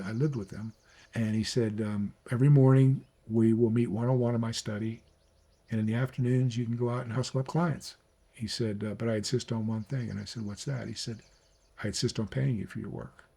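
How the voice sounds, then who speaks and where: A man in mid-range pitch tells a personal story in an animated, emphatic way. His voice climbs and swells when he presses a point, then settles back into a relaxed, conversational telling. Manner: animated storyteller, rises high when preaching. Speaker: speaker on mentorship. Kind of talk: storytelling talk.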